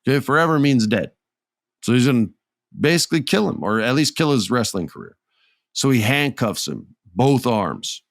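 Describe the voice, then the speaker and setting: A podcast host with children animatedly recaps a wrestling event in casual talk, acting out what people said as he tells it. His mid-range voice is gravelly and moves at a moderate pace. The studio-quality recording has no room sound.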